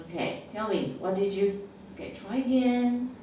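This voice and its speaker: Lady teacher trainer acting out classroom english, says okay a lot, far off mic in a boomy room with faint hiss. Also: a little slow, few pauses, dark tone. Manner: frequent checking "okay?"; acts out classroom phrases. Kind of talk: workshop lecture to teachers. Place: large echoey classroom. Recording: echoey room recorded from far off.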